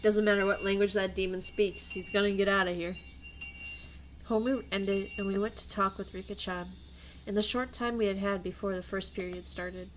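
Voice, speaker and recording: A woman streamer reading a visual novel aloud and chatting, animated and profane when she rants. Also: mid-range voice, brisk, a little hiss or hum. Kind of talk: casual streamed read-aloud with chat.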